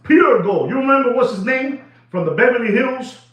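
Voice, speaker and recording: A man dealing in watches, ranting excitedly to camera in casual talk, repeating himself and dropping into Spanish phrases. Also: extremely high pitch, normal speed. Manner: animated, repetitive, switches into Spanish phrases. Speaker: watch dealer. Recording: echoey room, dull lo-fi sound.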